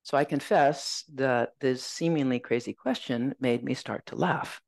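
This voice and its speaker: Gentle, gravelly-voiced woman Zen teacher. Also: very deep voice, measured pace, few pauses, no echo. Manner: gentle, reflective storytelling. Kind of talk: dharma talk.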